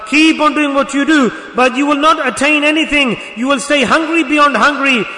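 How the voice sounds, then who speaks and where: High-voiced preacher man in echoey hall. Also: moderate pace, sharp tone. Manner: exhorting, rhetorical questions to the congregation. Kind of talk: sermon.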